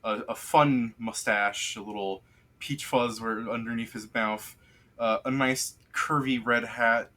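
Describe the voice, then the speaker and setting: A man's voice: mid-range voice, steady tone, measured pace, bright, forceful tone. A man narrating a tabletop game as game master, describing scenes in a rambling way full of fillers.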